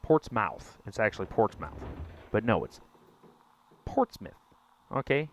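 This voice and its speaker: A young man in his twenties with a drawl, ribbing his chat as he plays. His voice sits fairly low. The stream mic sounds dull and lo-fi. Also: big pitch swings, unhurried, long pauses. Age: 20s. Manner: joking, teasing chat, drawling. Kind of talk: casual live-stream chat while gaming.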